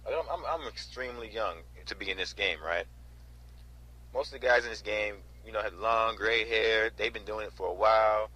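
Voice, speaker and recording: A man in his twenties from North Carolina casually recounting a storage auction in an animated way, often adding "right?" and "you know?". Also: lowish voice, moderate pace, rough recording. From North Carolina, USA. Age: 20s. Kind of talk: casual storytelling vlog.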